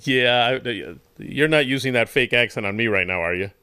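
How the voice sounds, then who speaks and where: A man hosting a TV interview show, relaxed and jokey, often restarting his sentences. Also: medium pitch, moderate pace, clear, resonant tone. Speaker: talk-show host.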